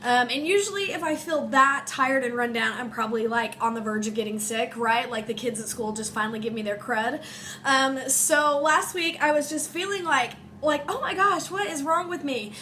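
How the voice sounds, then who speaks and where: A young woman with a high, bright voice that sounds congested and a little off from a recent illness. She talks to camera in a personal vlog, halting and emotional, with many ums and likes. A faint hum from a space heater runs under her voice at home. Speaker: teacher and vlogger. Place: home room.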